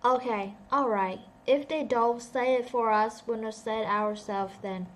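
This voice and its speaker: A woman's voice: fairly high pitch, fairly even intonation, moderate pace. A woman who speaks English as a second language (native Vietnamese) teaches a casual online English lesson, thinking aloud and joking about herself.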